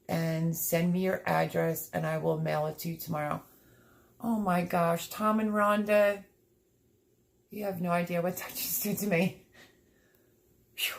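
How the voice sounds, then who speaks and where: Her voice fairly low and creaky, a livestream host reads out comments from viewers and chats casually. She's effusive, a little teary, and sniffling.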